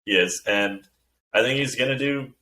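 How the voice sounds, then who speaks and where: A man with a bright, mid-range voice offers easygoing opinions on a sports podcast. There is a faint hiss under his mic as he chuckles along. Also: mid-range voice, moderate pace, poor audio. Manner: laid-back, chuckling, opinionated. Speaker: podcast co-host. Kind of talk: casual sports chat.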